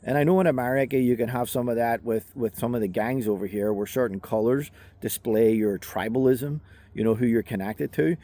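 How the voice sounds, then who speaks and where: A man's voice: medium pitch, brisk, warm tone. A man with a Northern Irish accent, a self-defense instructor telling a personal story in a casual, conversational way with many fillers. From Northern Ireland.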